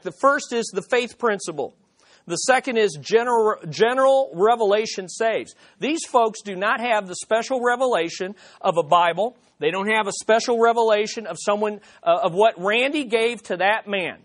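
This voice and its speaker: A man preaching a teaching sermon as pastor, earnest and animated, telling a story and asking repeated rhetorical questions. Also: high voice.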